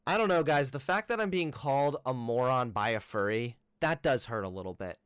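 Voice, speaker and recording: A man's voice: medium pitch, animated, a little fast, fairly bright tone, clean tone, no echo, studio quality. A man giving reaction commentary, sarcastically rebutting a critic point by point. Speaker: commentary YouTuber.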